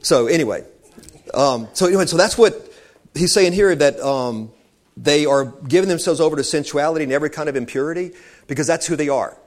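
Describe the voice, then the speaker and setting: A man's voice: a little high, brisk. A man preaching an informal sermon, talking conversationally and wandering into asides, calling his listeners saints.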